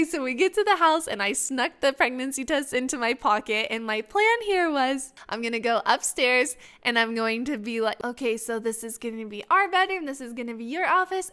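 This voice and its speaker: A woman's voice: high voice, fairly bright tone. A young woman hosting a podcast, telling a personal story in a chatty, emotional way with lots of filler words. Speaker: podcast host. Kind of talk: casual storytelling.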